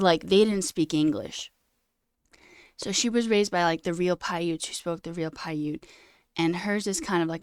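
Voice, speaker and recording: A young adult woman live-streaming, talking candidly and emotionally in a halting, casual way with many fillers. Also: lowish voice, clean tone, no room sound, studio quality.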